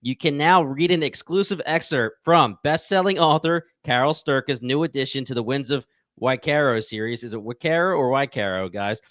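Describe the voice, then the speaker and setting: Smooth-voiced podcast host man. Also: medium pitch, normal speed, no room sound. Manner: energetic, promotional, talks to listeners directly. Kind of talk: casual podcast chat.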